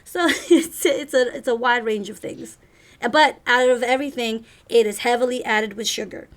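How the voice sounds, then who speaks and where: A woman narrating a tabletop role-play game as game master, rambling and halting. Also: on the high side. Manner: rambling, halting, many fillers.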